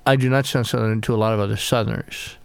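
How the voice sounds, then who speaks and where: Gravelly middle-aged man, reflective author. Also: on the low side, fairly even intonation, no echo. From American South. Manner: reflective, halting, many restarts. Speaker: author guest. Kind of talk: conversational interview.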